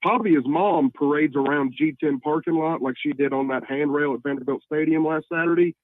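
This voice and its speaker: A man's voice: a little high, brisk, no room sound. Man, caller, rambling, teasing, tinny phone-line sound, dry. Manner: rambling, teasing, filler-heavy. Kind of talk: call-in sports talk.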